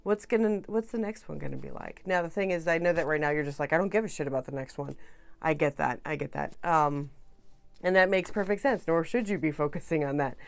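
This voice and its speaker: A woman reading tarot cards to camera in a chatty, soothing way, trailing off soft and then rising loud again. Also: low voice, a little fast, gravelly, no room sound. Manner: chatty and soothing, with frequent restarts and swings between soft and loud. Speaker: tarot reader.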